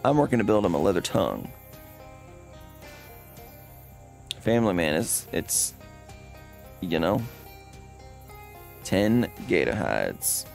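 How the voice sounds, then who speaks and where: A man's voice: low-pitched, very animated, unhurried, gravelly, pauses often, a little mellow, exaggerated voice. A man voicing an odd, scheming male leather hunter with a British accent, drawling folksy lines and calling people mate over faint game music. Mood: confiding.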